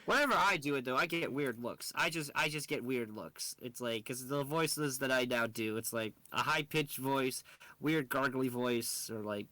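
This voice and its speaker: A man's voice: mid-range voice, moderate pace, sharp tone, dry recording. A man co-hosting a casual podcast, rambling with lots of fillers and laughing easily. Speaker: podcast co-host. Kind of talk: casual chat.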